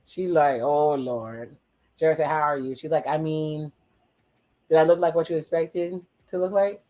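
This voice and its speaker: A watch-along host giving casual reaction commentary, retelling the dialogue in quick quoted voices with profane, wry asides. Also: medium pitch, darkish tone.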